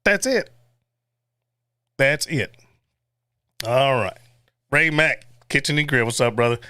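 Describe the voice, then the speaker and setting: A man's voice: medium pitch, measured pace, sharp tone, clear, resonant tone, dry recording, clean studio sound. A man hosting a casual livestream, blunt and profane, chuckling often and reading viewer chat aloud. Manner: chuckles often between remarks. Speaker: livestream host.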